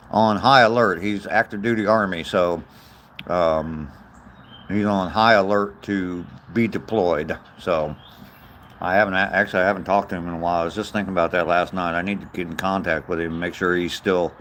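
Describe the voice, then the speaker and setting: A man's voice: low-pitched, a bit bright, slight background noise. An older man chatting casually on a livestream while walking outdoors, greeting viewers by name and chuckling at their comments. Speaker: livestreamer reading viewer chat. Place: outdoors on a walk.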